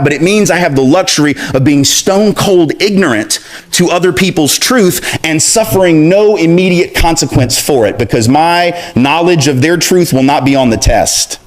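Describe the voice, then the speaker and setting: Conversational man telling a self-mocking story. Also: on the high side. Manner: conversational, with asides like "right?". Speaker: speaker. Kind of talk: storytelling talk.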